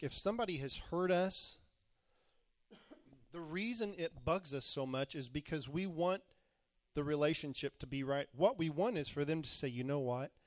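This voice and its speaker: A man's voice: fairly high pitch, no room sound. A man preaching a sermon, retelling scripture in plain, modern words and acting out the quoted voices. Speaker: pastor.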